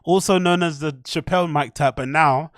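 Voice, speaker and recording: A man's voice: fairly high pitch, moderate pace, no room sound, clean studio sound. A man hosting a podcast, giving chatty, opinionated commentary on a comedy clip and talking straight to his viewers. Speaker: podcast host. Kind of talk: casual commentary reacting to a clip.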